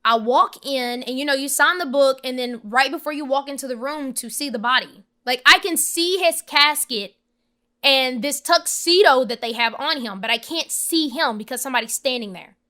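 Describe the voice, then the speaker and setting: A young woman, a podcast guest, telling an emotional personal story in an animated, emphatic way and acting out the voices of the people in it. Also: high-pitched, normal speed.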